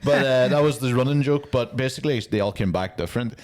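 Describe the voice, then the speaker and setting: A man's voice: mid-range voice, quick pace. A young man, co-hosting a podcast and telling rambling, sweary stories in casual chat. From Ireland. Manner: swearing storyteller, rambling with restarts. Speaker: podcast co-host.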